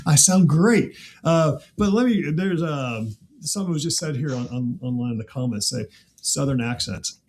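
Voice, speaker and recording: A man who grew up in the Midwest, hosting a casual chat with an animated, laughing manner and frequent rhetorical asides. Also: medium pitch, moderate pace. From American Midwest. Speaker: podcast host.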